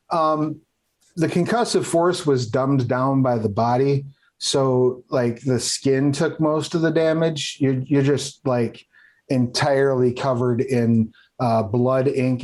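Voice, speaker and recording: A man narrating as game master for a tabletop game, talking casually and halting often over fillers and restarts. His pitch sits in an ordinary middle range. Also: a little mellow.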